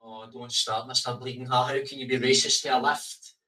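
An actor playing a gruff Scottish man stuck in a lift. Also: mid-range voice, level tone, brisk, pushed and bright, recorded from a distance, natural voice, poor audio. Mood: exasperated. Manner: blunt, exasperated. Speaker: lift passenger in a comedy sketch.

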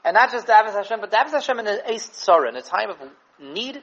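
A man giving an animated Torah class on the weekly portion, mixing Hebrew and Yiddish terms into English and repeating words as he thinks. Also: high-pitched, very fast, highs cut off. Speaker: Torah teacher.

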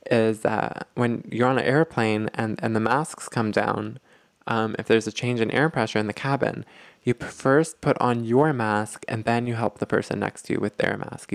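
Gravelly-voiced man hosting an advice podcast. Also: mid-range voice, no room sound. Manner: explanatory, repeats words while thinking. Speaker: podcast host. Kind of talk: casual self-help podcast talk.

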